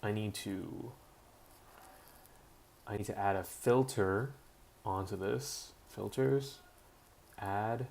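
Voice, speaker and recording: A man live-streaming casually from home, mumbling while adjusting his audio settings, his throat rough enough that he keeps clearing it. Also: lowish voice, takes it slowly, long pauses, darkish tone, a little hiss or hum. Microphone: built-in webcam or laptop mic.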